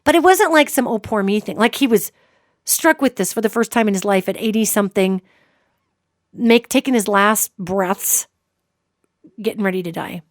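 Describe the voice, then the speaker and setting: A woman's voice: mid-range voice, normal speed, pauses often, dry recording, studio quality. A woman hosting a psychic radio show, telling a story to her listeners in an emphatic way and checking in with them as she goes.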